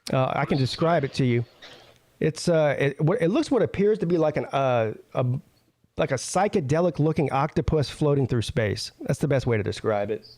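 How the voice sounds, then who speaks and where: A man's voice: fairly high pitch, animated, normal speed, a little mellow, dry recording. A man hosting a casual show, commenting on a video he plays and mocking it with lots of filler. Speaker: show host.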